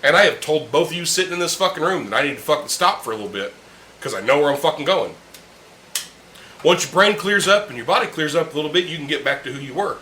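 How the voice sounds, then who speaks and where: A young man ranting with heavy profanity, his voice bright and higher than most, swinging up and down as he talks. He sits in an echoey room with a faint hum of ambience behind him, chatting over beers with friends. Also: animated, quick pace. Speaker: podcast host. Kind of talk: casual chat. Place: room with friends drinking beer.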